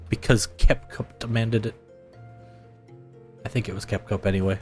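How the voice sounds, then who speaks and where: A man's voice: fairly low pitch, fairly even intonation, normal speed, a little mellow, soft background music. A man streaming a game live, chatting casually with viewers in a laid-back way and laughing often.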